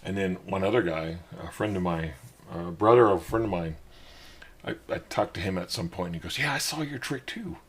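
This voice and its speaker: Middle-aged guy, lowish husky voice, rambly storytelling, gets lively quoting folks. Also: a little fast. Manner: rambling, animated when quoting others. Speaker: podcast host. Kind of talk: casual storytelling.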